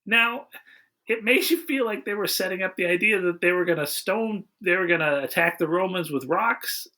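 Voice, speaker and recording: A man's voice: sits high, moderate pace, pushed and bright. A man hosting a casual movie-review chat, recapping the plot with dry, wry humor. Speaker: podcast host.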